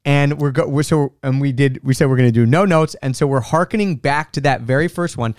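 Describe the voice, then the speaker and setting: A man's voice: medium pitch, darkish tone, no room sound. Upbeat male podcast host, dry sound. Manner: upbeat, chatty, quick restarts. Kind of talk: casual travel podcast chat. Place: home room.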